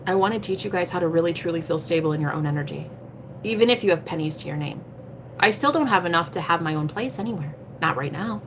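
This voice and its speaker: A woman's voice: lowish voice, lively intonation, quick pace, background noise. A woman talking casually on a livestream as a tarot reader, blunt and emphatic, swearing freely and preaching self-empowerment. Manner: preachy, motivational.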